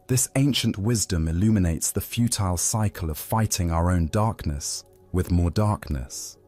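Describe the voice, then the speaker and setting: A man narrates a calming Zen story for sleep, his voice sitting very low and deep. He reads slowly and evenly. Soft music plays faintly underneath. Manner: slow, soothing, even storytelling.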